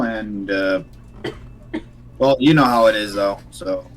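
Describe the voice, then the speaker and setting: A man's voice: lowish voice, slow pace. A man casually chatting as a player in a tabletop game, easygoing and slangy. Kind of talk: casual chat.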